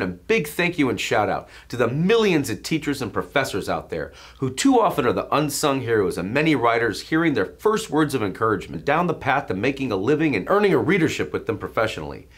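A man's voice: medium pitch, very animated, a little fast, few pauses, husky. A man hosting an author interview show, giving a formal, announcer-like scripted introduction. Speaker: host.

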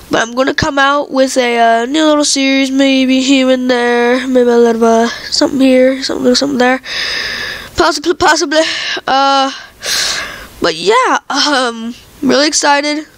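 A woman hosting a casual vlog, talking to viewers in an excitable, rambling way with lots of fillers, while she has a cold. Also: sits high. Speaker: channel host. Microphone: computer recording software.

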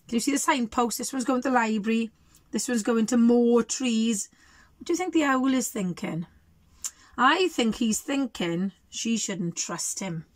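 A woman teacher reads a picture book aloud in a slightly high voice. She stops now and then to ask the children questions, in a dry, close-sounding room. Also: fairly bright tone, no room sound.

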